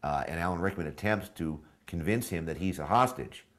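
Male screenwriter, very low voice, anecdotal, halting with uhs and ums. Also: expressive. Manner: rambling anecdotal storyteller with many fillers. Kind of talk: documentary interview.

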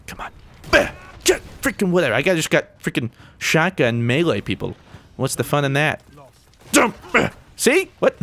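A man with a slightly high, very animated voice gives gameplay commentary. He is excitable and jokey, and he breaks into sudden mild exclamations as the action unfolds. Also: creaky. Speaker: gaming YouTuber.

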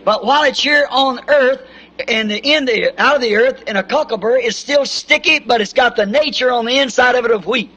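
High, bright folksy preacher, old tape. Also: male voice, brisk. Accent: Southern American. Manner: folksy anecdotes with repeated "See?". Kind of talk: sermon storytelling. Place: church meeting with congregation. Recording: old 1960s tape recording.

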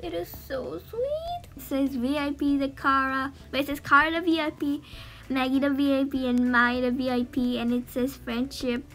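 Bright high-voiced woman gushing on a game vlog. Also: level tone, moderate pace. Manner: gushing and emotional, trails off and restarts. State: teary, near crying. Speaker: gaming channel host. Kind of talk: excited game reaction vlog.

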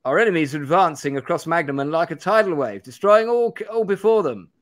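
A man's voice: fairly high pitch, expressive, a little fast, pitched above the performer's own voice, lightly acted. A man voicing a grave young male magician who urgently warns of an advancing enemy. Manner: urgent, earnest dramatic reading.

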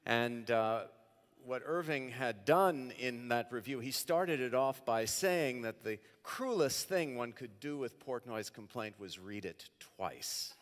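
A man's voice: mid-range voice, lively intonation, slow, in a large hall. A man giving a public lecture, reminiscing unhurriedly before reading passages aloud. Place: large hall, celebration event.

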